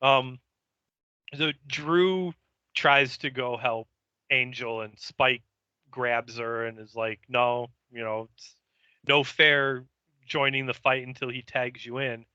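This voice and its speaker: A man's voice: mid-range voice, fairly even intonation, slow pace, pushed and bright, clean tone, no echo, dull audio. A man co-hosting a podcast, recapping an episode in a meandering, hesitant way. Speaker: podcast co-host.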